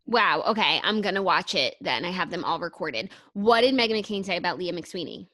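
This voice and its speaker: A woman's voice: lowish voice, lively intonation, brisk, pushed and bright. A young woman co-hosting a podcast, chatting enthusiastically in casual talk with frequent fillers. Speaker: podcast co-host. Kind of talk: casual chat.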